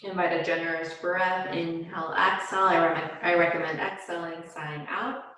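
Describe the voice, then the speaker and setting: A woman leads a yoga class, talking listeners through breathing and stretches in slow, soothing cues broken by pauses. Her voice sits fairly low. It rings through a strongly echoing room. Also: level tone, bright, forceful tone. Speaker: yoga instructor. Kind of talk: guided yoga class instruction. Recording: very echoey room.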